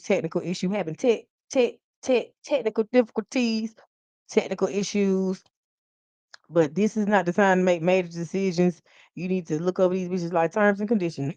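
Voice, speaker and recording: A woman hosts a tarot reading live stream, joking and preaching directly to her viewers in a casual, animated way. Her voice is lowish, and the recording is muffled with no room sound.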